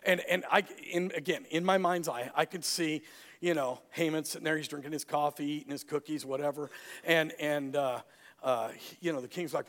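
A man preaching a sermon, an animated storyteller who acts out the characters. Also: fairly high pitch, moderate pace, big-room sound. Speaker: pastor.

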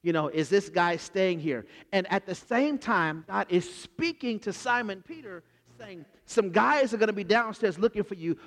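A high-voiced man preaches a sermon, telling the story in a loose, conversational way and slipping into the characters' voices as he goes. His voice rings out with a long reverb tail, as if from a big church hall. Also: moderate pace, hardly any pauses. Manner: animated storytelling, acts out the characters.

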